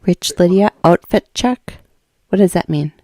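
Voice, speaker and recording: Slow, mellow woman livestream host. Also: fairly low pitch, no room sound, clean studio sound. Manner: chatty asides. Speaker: livestream commentator. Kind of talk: casual chat.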